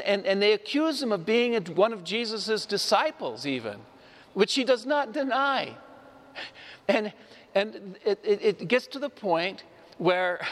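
A man giving a Sunday homily, retelling a story with lively, acted-out voices and frequent laughs. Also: on the high side, big-room sound. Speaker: preacher. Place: church.

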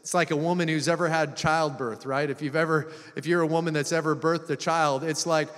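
A man's voice: a little high, steady tone, brisk, few pauses, fairly bright tone. A man preaching a sermon, reading scripture and retelling it dramatically, acting out the voices he quotes. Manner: dramatic, acts out quoted voices with rising intensity. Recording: long hall reverb.

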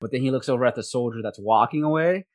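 A man's voice: medium pitch, quick pace, no room sound. A man running a tabletop role-playing game as game master, narrating the scene and voicing the figures himself. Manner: descriptive, voices the figures himself.

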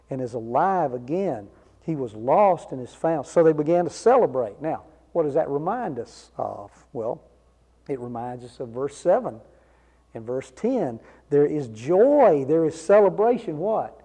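With a warm, expressive medium-pitched voice and a slightly breathy edge, this preacher explains a passage at normal speed. He leans on rhetorical questions and casual asides, all carried by the long reverb of a large hall.

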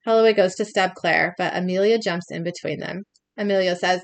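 In a dry recording, a young woman with a mid-range voice and lively intonation reads out scenes at normal speed for a casual podcast recap. She laughs a lot and frequently breaks off mid-read.

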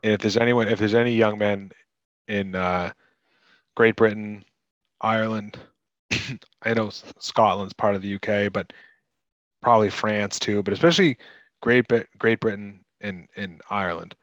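An American man co-hosting a casual film discussion, chatty, often restarting and clearing his throat. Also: on the low side, moderate pace, long pauses, no room sound, dull audio. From United States. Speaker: podcast co-host.

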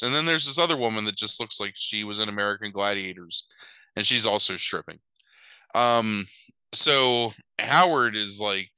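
Bright and pushed, with a smooth, lowish quality, a male podcast co-host casually summarizes a movie, wandering through it with plenty of fillers and exaggerated impressions of the characters. The low-quality recording has no room sound.

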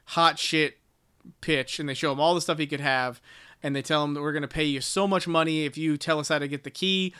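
A man's voice: fairly high pitch, fairly even intonation, brisk, bright, forceful tone, clear, resonant tone. A man co-hosting a casual book podcast, summarizing a chapter in a rambling, profane way with lots of fillers. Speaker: podcast co-host.

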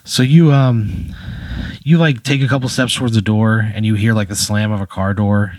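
Low-voiced guy rambling through a made-up story, tons of "like", dry close sound. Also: fairly even intonation, moderate pace, a little mellow, no echo. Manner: rambling, many fillers, laughing at his own jokes. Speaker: host running an improvised scenario. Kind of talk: casual improvised storytelling.

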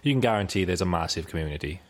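A man's voice: deep voice, expressive, rapid-fire. A man co-hosting a casual podcast chat, dropping in dry, wry remarks.

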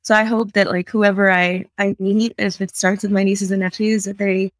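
A woman in her thirties from San Antonio talks easily as an interview guest. She tells stories with animated energy and slips into voices for the people she quotes. Her voice sits at a medium pitch and sounds dry and close to the mic. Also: normal speed, no echo. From South Side of San Antonio, Texas. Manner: animated storyteller who acts out voices in quotes. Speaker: podcast guest. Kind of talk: casual conversational interview.

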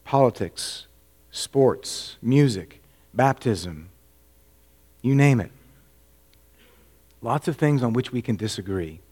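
A man's voice: medium pitch, animated, takes it slowly, long pauses. Earnest male pastor preaching. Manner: earnest, rhetorical questions, swings from hushed to emphatic. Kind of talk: sermon.

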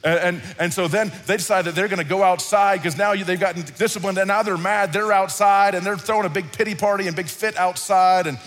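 A man preaching a sermon in a conversational, animated style, often repeating himself. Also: sits high, fairly quick, hardly any pauses. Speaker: pastor. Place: large hall, church service. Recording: reverberant hall with faint music.

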